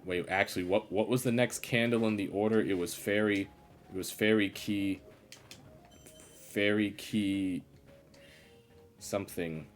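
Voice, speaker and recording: A man with a very low voice talks through a platform game on a live stream. He grumbles in an exasperated, sarcastic way. Faint game music plays under his voice. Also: steady tone, unhurried, pauses often. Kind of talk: live gameplay commentary.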